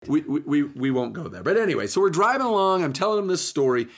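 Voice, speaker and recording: A man hosting a podcast, telling his stories in an animated, chatty casual way. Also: a little high, fast. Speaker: podcast host. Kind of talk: casual storytelling chat.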